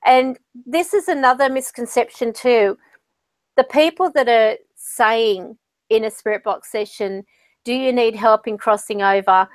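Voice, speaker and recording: A woman's voice: on the high side, unhurried, no echo. A woman host and spiritual medium chatting casually, telling stories and acting out what others said. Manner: chatty, storytelling with quoted voices. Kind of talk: casual conversation.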